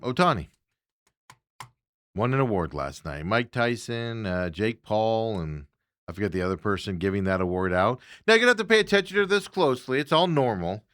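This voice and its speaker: A man's voice: fairly low pitch, a bit bright, smooth, no echo, clean studio sound. A man hosting a sports talk show, chatting in a loose, casual way with chuckling asides.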